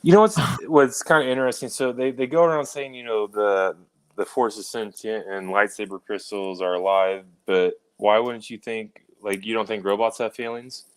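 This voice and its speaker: A man's voice: lowish voice, steady tone, normal speed, smooth. A man co-hosting a podcast, blunt and sarcastic in casual chat, with "like" scattered through his talk. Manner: blunt, sarcastic, says "like" a lot. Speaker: podcast co-host.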